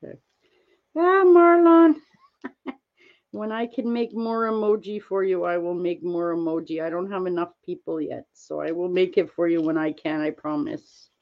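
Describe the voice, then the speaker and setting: A woman streaming, chatting casually with viewers while she crafts, rambling and gently reassuring them with lots of fillers. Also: lowish voice, flat delivery, fairly quick, hardly any pauses, highs cut off. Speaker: livestreamer answering chat.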